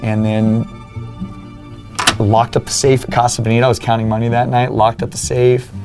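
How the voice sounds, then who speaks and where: A man's voice: medium pitch, level tone, normal speed, over music. A young man, a fitness coach as a podcast guest, earnestly telling his own story and acting out remembered conversations. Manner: earnest, acts out remembered dialogue. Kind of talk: personal storytelling in an interview.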